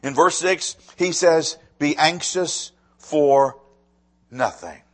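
A middle-aged pastor preaches slowly in a fairly high voice. He's animated, swinging between loud emphasis and hushed asides, and often repeats words as he goes.

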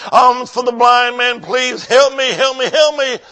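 Preacher doing a blind beggar man, pleading, high and bright voice, sermon retelling. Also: fairly even intonation, measured pace, full character voice. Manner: pleading, repeating himself. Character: blind male beggar crying out for help.

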